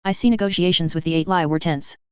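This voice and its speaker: A woman's voice: fairly low pitch, quick pace, darkish tone, clean tone, no echo, muffled recording, lightly acted. A woman reading the lines of a sardonic, cutting female intelligence director.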